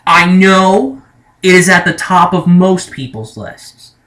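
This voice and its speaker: Young man, bright clear tone, casual movie review, rambling, hesitant, self-correcting. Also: high-pitched, slow. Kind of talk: casual spoken movie ranking.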